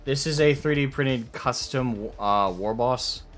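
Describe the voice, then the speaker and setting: A man hosting a casual chat while painting miniatures, talking in a relaxed, chatty way with pauses. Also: mid-range voice, faint music behind.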